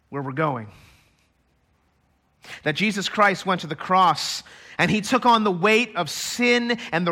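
A man preaching a sermon to a church congregation, emphatic and building to loud climaxes. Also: sits high. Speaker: pastor. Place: church stage.

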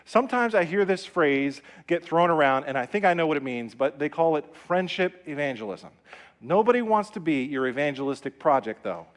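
Emphatic middle-aged pastor preaching. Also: male voice, fairly high pitch, expressive, brisk. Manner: emphatic, repetitive, call-and-response. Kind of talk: sermon. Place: church sanctuary.

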